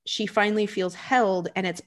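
Laughing often, this woman leads a relaxed conversation about a film, full of animation. When she imitates other people's lines, her voice leaps widely in pitch.

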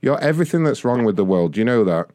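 A man's voice: fairly low pitch, fairly quick, warm tone, dry recording, clean studio sound. A man posing as a rude customer service agent in a prank call, aggressive and insulting. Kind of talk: prank phone call comedy.

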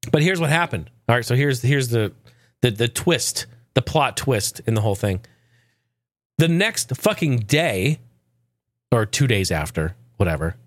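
A man's voice: medium pitch, no room sound. Profane ranting man, dry close sound. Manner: sarcastic, swears a lot, acts out quotes.

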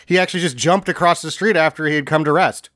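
A man's voice: on the high side, fast, a bit bright. A man co-hosting a casual movie podcast, making wry, crude jokes in a laid-back way. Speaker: podcast co-host. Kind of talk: casual movie-riffing chat.

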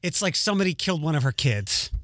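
A man's voice: on the high side, sing-song, fast, fairly bright tone, dry recording. A young man co-hosting a casual chat, telling rambling family stories with restarts and the odd swear word. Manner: rambling, self-interrupting anecdotes with swearing.

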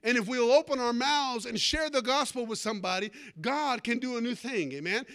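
A man preaching a fervent sermon, calling out for amens and swinging between loud and hushed delivery. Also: very high-pitched, a little fast. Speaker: pastor.

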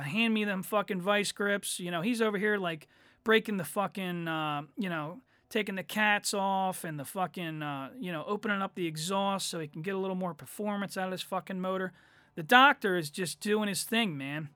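A man tells a story on his own podcast. He rambles and swears constantly, leaning on fillers. His voice is bright and forceful, and the recording is close and dry. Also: high-pitched, no echo. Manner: rambling, profane, lots of fillers. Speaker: podcast host. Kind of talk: casual solo storytelling.

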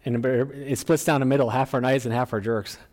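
A middle-aged man preaching a sermon as pastor, animated and emphatic, often rising in pitch and volume. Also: fairly quick. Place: church.

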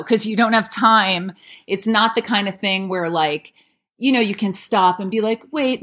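A woman's voice: mid-range voice, a bit bright. A woman in her thirties, an audiobook narrator, answering interview questions in a chatty way with many "like" fillers.

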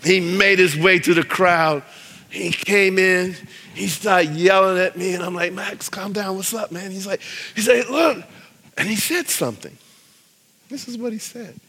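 A man's voice: high-pitched, measured pace, pushed and bright. A man preaching a sermon as pastor, telling a story animatedly and acting out the voices of the people in it, with long hall reverb.

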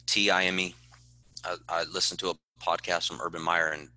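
A man's voice: low voice, little pitch movement, fairly quick, pushed and bright, dry recording. A man who is a football head coach, answering in a podcast interview in an earnest, passionate way and repeating words when he stresses a point.

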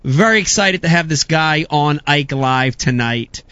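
A man hosting a live show, talking in an energetic, excitable way. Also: a little high, measured pace, no room sound. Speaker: show host. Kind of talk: casual live show chat. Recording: slightly dull, lo-fi sound.

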